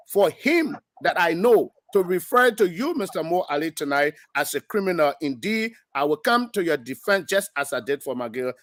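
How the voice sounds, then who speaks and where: A man's voice: fairly high pitch, a bit bright, dry recording, studio quality. A man, a lawmaker defending his position on a political talk show, speaking emphatically and restarting his sentences.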